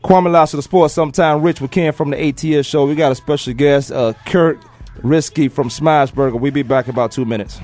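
A man's voice: on the high side, brisk, a little mellow, faint music behind. A man in his forties hosting a sports talk radio show from the studio, joking and rambling with lots of fillers. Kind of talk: casual talk radio chat.

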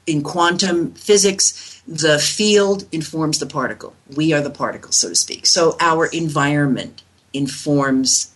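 A woman's voice: low-pitched, measured pace. A woman in her sixties from New York, a reflexologist telling stories in an interview, rambling with many fillers and restarts. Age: 60s. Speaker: guest reflexologist. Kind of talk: interview answers.

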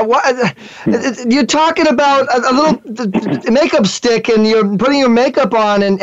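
A man hosting a podcast interview, earnest, with halting, stammering restarts. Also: sits high, dry recording. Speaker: host. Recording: dull lo-fi audio, dry.

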